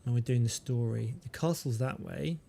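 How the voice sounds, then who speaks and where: A man's voice: medium pitch, normal speed, creaky, warm tone, slight background noise. Chatty man streaming games. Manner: chatty, joking. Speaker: game streamer. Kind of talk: casual gameplay commentary.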